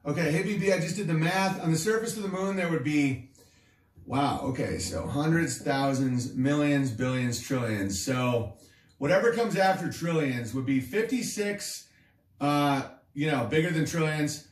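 A man's voice: fairly high pitch, moderate pace, reverberant, recorded from a distance. A man hosting a comedy show, riffing in a sarcastic, crude, rambling way. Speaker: comedian host.

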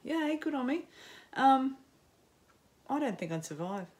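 Slow, rambling Australian woman. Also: high voice, big pitch swings, darkish tone. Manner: rambling, self-mocking, quick laughs and many ums. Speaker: knitting podcaster. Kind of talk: casual chat to camera. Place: home, in sunshine.

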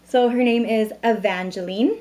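A woman's voice: a little high, moderate pace, dark tone. A woman in her thirties chatting at home into a camera mic, bubbly and talkative, introducing products and a new baby. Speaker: beauty vlogger. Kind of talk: casual vlog chat.

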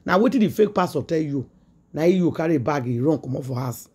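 Husky high-voiced Nigerian Pidgin man. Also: fairly quick. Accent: Nigerian Pidgin English. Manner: excited storytelling with repetitions. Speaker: gossip channel host. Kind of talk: casual commentary.

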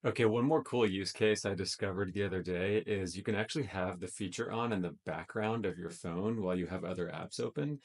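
A man casually testing a voice assistant in a tech demo video, speaking loosely with frequent ums. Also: low voice. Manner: casual, tentative, many fillers.

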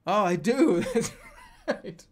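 A man streaming a video game, commenting live, often yelling, laughing and repeating phrases over and over. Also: high voice, takes it slowly. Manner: excitable, yelling and laughing a lot.

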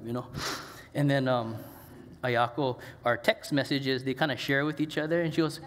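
A man's voice: medium pitch, fairly even intonation, normal speed, big-room sound. A middle-aged man preaching a sermon in a conversational, storytelling way with casual asides. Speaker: pastor. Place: church sanctuary.

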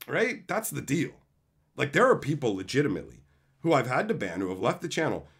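A man's voice: on the high side, very animated, fast talker, a bit bright, breathy edge. A man streaming live, ranting in an exasperated, profane way about entitled viewers. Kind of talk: livestream rant.

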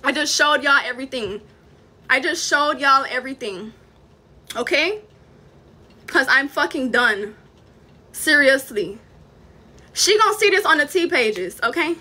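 A woman's voice: high voice, sharp tone, a little hiss or hum. A young woman with a Virgin Islands accent, ranting on a livestream in a furious, profane, threatening way. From Saint Thomas, US Virgin Islands. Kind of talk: heated livestream rant.

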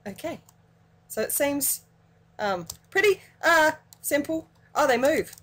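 A woman's voice: sits high, slow pace. Giggly woman gaming. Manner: excitable, giggly, cheerfully cursing at the game. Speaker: gaming channel host. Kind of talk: let's play commentary.

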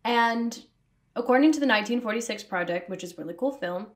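A woman's voice: fairly high pitch, lively intonation, quick pace. A woman with a slightly raised voice talks to camera about her subject. She is sassy and self-aware, and she keeps throwing in jokey asides. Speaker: video essayist. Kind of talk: casual commentary to camera.

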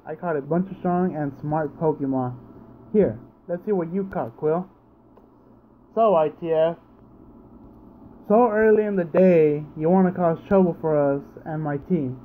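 A man's voice: a little high, phone-quality sound, a little hiss or hum. A man giving casual gameplay commentary, sleepy and yawning, groaning in frustration at misses and repeating himself. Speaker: let's play gamer. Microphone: home recording setup.

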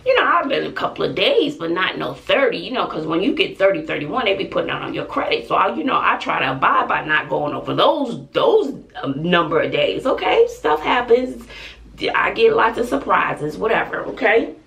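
A woman's voice: normal speed, vocal fry. A middle-aged woman telling a personal story to her vlog, casual and slangy, acting out her own reactions. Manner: animated retelling, jumps high to act out her own quotes. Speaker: family vlogger. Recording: voice a bit far from the mic.

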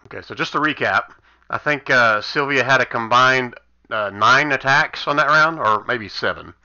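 Gravelly, bright-toned man running a tabletop game. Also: medium pitch, normal speed. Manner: wry, amused, narrates monster turns. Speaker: game master. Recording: dull lo-fi voice chat audio.

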